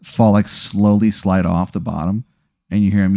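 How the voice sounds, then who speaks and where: A young man narrating a tabletop-style story as game master, rambling and animated with many fillers. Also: low-pitched, normal speed, creaky, no echo, studio quality. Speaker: game master and podcast host.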